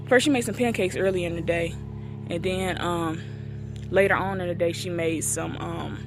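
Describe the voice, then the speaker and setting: A woman in her twenties tells a painful personal story in a casual vlog, recorded outdoors near a street. She acts out the things people said to her. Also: fairly low pitch. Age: 20s. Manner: emotional, acts out quoted dialogue. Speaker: vlogger.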